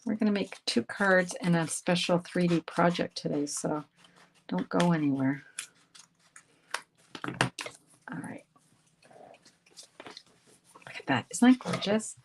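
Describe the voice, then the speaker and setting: Chatty woman with a gravelly voice. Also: on the low side, lively intonation, slow pace, pauses often, a little hiss or hum. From Canada. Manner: chatty, upbeat, greets viewers by name as she works. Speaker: craft instructor hosting a live stream. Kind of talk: live card-making demonstration.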